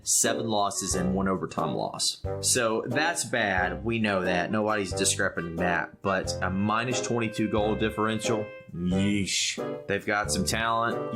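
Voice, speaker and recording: Low-voiced man, joking sports podcast co-host. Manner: joking, quick analytical. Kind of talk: casual sports chat. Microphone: headphones and podcast mic.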